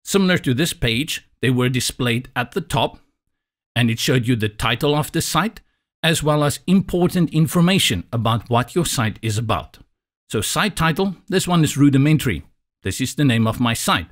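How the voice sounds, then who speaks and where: A man from South Africa whose first language is Afrikaans, walking through a software tutorial step by step with a dry, slightly sarcastic manner. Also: medium pitch, expressive, moderate pace. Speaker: tutorial instructor. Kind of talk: screen-recorded software tutorial.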